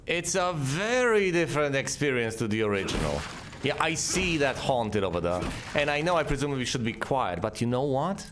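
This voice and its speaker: A man's voice: mid-range voice, very animated, normal speed, a bit bright, slight background noise. A man giving sarcastic gameplay commentary and talking back to the enemies on screen. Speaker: let's play host.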